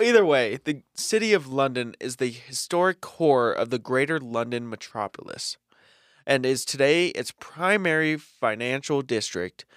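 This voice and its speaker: Lively young man reading history aloud. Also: mid-range voice, no echo, studio quality. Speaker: podcast co-host reading history. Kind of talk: casual podcast chat with read-out history.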